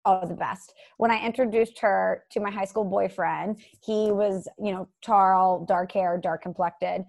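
An earnest woman in her thirties, chatting casually as a co-host. She tells her stories in an animated, heartfelt way, with a voice of middling pitch. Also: unhurried, vocal fry. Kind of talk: casual chat.

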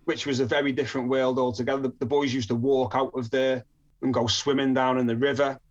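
A man's voice: medium pitch, little pitch movement, fast, highs cut off. A man from northern England telling a personal story in a chatty way, with frequent restarts and chuckles.

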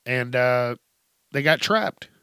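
A man's voice: medium pitch, animated, takes it slowly, bright, forceful tone, clear, resonant tone, no echo. Profane laughing male podcast host, dry sound. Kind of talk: casual comedic storytelling.

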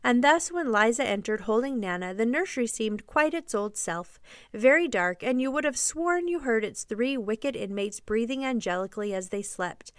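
Storyteller: woman, fairly high, smooth clear voice, expressive audiobook reading. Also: dry recording, studio quality. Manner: expressive, measured storybook narration. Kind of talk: reading a classic novel aloud.

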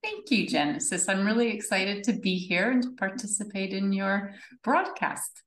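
A woman guest on a podcast interview, cheerful and quick to laugh. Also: mid-range voice, expressive, fairly bright tone, slight background noise. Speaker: guest, executive coach. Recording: echoey room.

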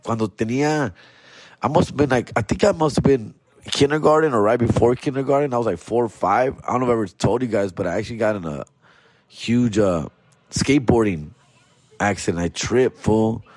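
A man's voice: medium pitch, brisk, darkish tone, no echo. A man hosting a podcast, telling a story casually with street slang and Spanish phrases mixed in. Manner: slangy, mixes in Spanish phrases, repeats "fool" and "dog". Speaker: podcast host.

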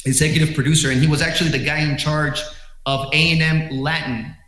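Brief: animated male drummer guest, slightly high voice, roomy echo. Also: fast talker. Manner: animated, excitable with many restarts. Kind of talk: casual storytelling interview.

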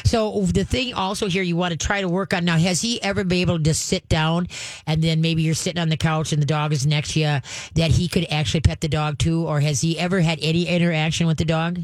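This older radio host jokes casually while helping callers train their dogs, frequently asking "okay?" from the studio. A fast talker with a medium pitch and fairly even intonation, recorded with no room sound.

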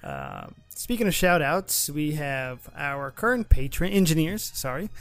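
A man co-hosting a casual podcast, chatty and quick to laugh, with frequent restarts. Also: on the high side, sing-song, fairly bright tone, soft background music. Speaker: podcast co-host. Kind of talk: casual chat.

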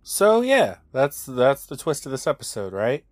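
A man's voice: mid-range voice, wildly swooping pitch, a little slow, no room sound, studio quality. A man co-hosting a podcast, chatting casually and asking questions about a horror episode's twist. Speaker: podcast co-host. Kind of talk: casual discussion.

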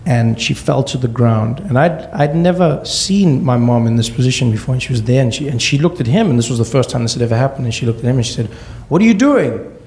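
A man from Africa telling a comic personal story with wry, deadpan asides. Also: mid-range voice, fast, few pauses.

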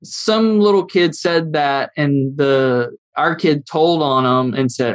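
A middle-aged man, a guest in an interview, talking in a relaxed, self-deprecating way and laughing along. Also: on the high side, a little slow, few pauses, no echo. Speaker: guest, business owner. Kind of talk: casual conversational interview.

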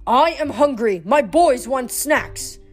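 A huge, hungry female Cyclops bellows and shrieks her demands, as a woman reading the story puts her on. Her voice climbs high and strains loud, and she drags her words out slowly. She is brutish and full of vengeance. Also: animated, faint music behind. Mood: growling.

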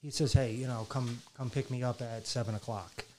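A middle-aged man chatting casually on a podcast, telling stories and slipping into quoted voices of the people in them. His voice sits at a medium pitch, and he laughs often as he talks. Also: fairly even intonation, a little fast, slight background noise. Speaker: podcast guest. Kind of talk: casual chat.

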